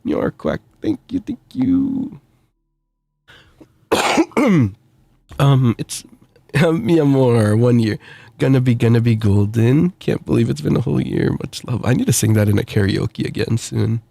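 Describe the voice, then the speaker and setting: Guy streamer with the flu, gravelly husky voice, giggly and cheerful reading chat messages, dry close mic. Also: mid-range voice, normal speed, dark tone, no echo. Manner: cheerful and giggly, with frequent little laughs and stammers. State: sick with the flu, itchy throat. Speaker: VTuber streamer. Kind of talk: reading out viewer messages on a livestream.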